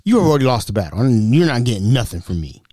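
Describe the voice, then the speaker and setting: A man hosting his own podcast, ranting in a casual, animated way and stumbling over repeated words. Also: quick pace, breathy edge, dry recording, studio quality. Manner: animated ranting, repeats words, mocks callers in high voices. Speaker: podcast host.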